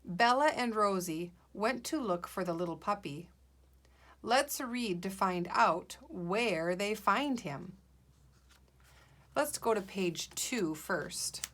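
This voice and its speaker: A woman's voice: mid-range voice, lively intonation, takes it slowly, a bit bright. A woman teacher leading a guided reading lesson for young children, patient and encouraging, sounding out letters and words.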